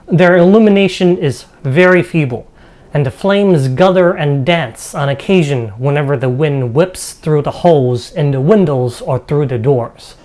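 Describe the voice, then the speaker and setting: Woman game master, low voice, steady descriptive narration. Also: normal speed. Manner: steady descriptive reading with asides.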